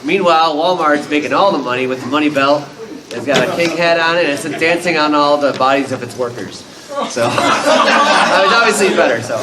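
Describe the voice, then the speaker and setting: A man's voice: fairly high pitch, a little fast. A man on a convention panel, explaining his drawing hesitantly with many fillers. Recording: noisy convention room.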